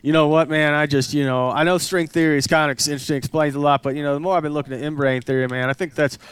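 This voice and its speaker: A man putting on a rural redneck voice, rambling in a slow drawl. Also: high voice, fairly bright tone, smooth, no room sound, pitched above the performer's own voice.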